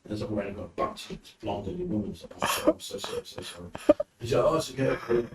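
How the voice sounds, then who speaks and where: Talking fast in a lowish voice, a British podcast guest from the UK shares casual stories and acts out the quotes with animation. The mic is distant, giving a roomy, off-mic sound with faint background noise.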